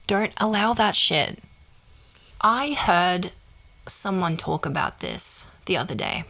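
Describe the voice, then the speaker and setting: A woman's voice: lowish voice, gravelly, fairly bright tone. A woman hosting a podcast, giving an emphatic, blunt motivational monologue and swearing casually. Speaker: podcast host.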